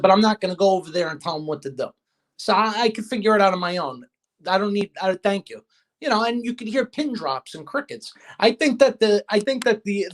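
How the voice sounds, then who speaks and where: Heated, profane man venting. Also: sits high. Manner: profane, heated venting, retelling phone calls. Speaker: guest. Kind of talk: casual chat.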